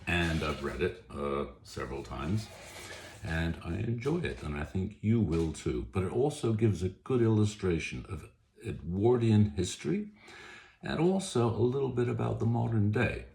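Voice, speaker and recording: A man's voice: deep voice, lively intonation, normal speed, vocal fry, a little mellow. A man, an author, chatting casually about a book he likes, rambling and correcting himself as he goes. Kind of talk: casual book talk to camera. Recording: echoey room, faint noise.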